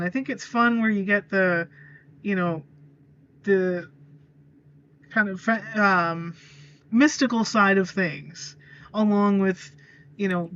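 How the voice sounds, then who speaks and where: A woman's voice: medium pitch, a bit bright, muffled recording. A woman chatting as a podcast guest, hesitant, with many fillers and small giggles. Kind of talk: casual chat.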